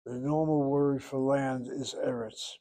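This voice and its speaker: A middle-aged man teaching Hebrew in a classroom lecture, thinking aloud and pausing to search for terms. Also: mid-range voice, fairly even intonation, dark tone.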